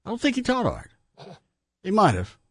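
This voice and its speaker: A man's voice: sits high, moderate pace, no echo, studio quality. A man in his fifties hosting a radio show, chatting casually and telling rambling stories. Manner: rambling storyteller, lively. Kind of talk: casual chat.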